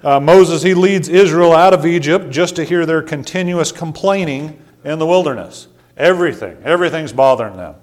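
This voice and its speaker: A pastor preaching an evening sermon with a relaxed, chatty manner. His voice sits a little high for a man, and he stumbles over and repeats words as he goes. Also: moderate pace. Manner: folksy, conversational preaching with repeated words and asides.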